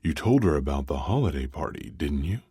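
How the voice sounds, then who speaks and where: A man's voice: a bass voice, big pitch swings, a little fast, dark tone, husky, no room sound, studio quality, exaggerated voice. A man voicing a cheerful older company founder who teases his friend in an audiobook. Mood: jovial.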